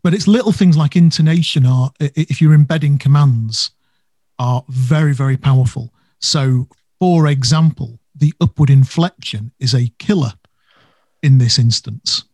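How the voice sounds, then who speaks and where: A man's voice: mid-range voice, normal speed, a little mellow, dry recording. A man co-hosting a casual business podcast, talking animatedly and stressing words for effect. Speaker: podcast co-host.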